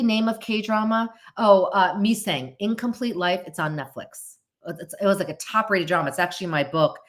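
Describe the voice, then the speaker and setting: Woman, middle-aged, podcast host, chatty, self-interrupting, lowish voice. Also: a bit bright. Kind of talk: casual solo commentary answering viewer questions.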